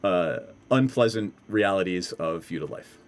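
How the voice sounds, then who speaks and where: A man's voice: low voice, lively intonation, measured pace. Rambling man running a tabletop game. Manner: loose and rambling, many fillers. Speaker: game master.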